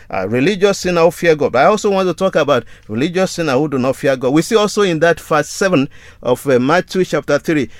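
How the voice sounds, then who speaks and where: Guy preaching a sermon, kinda high voice, earnest, repeats stuff a lot, dry close mic. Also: no room sound. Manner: earnest, reads scripture in old-fashioned wording and repeats phrases for emphasis.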